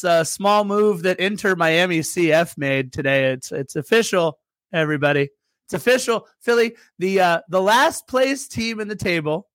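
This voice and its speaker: A man's voice: high voice, fairly bright tone, dry recording. A man co-hosting a casual soccer podcast, teasing his co-host and reading sponsor plugs. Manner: playful ribbing, reads sponsor plugs. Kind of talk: casual chat.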